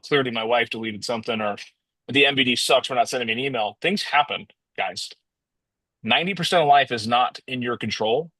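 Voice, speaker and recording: A man's voice: mid-range voice, a bit bright, husky, no room sound. A man telling a motivational story in a casual, rambling way, often restarting and calling his listeners guys.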